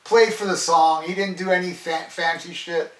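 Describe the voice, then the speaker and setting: Middle-aged male reviewer, excitable and rambling, slightly high voice, mic set back in a roomy space. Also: normal speed. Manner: enthusiastic, rambling, swears freely. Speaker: metal album reviewer. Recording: roomy echo, distant from mic.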